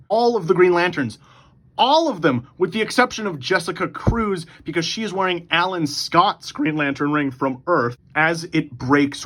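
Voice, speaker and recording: Hosting his own channel, a man with a slightly high voice recaps an imagined story in excited bursts. The tone is casual and profane as he hurries through it, YouTube-host style.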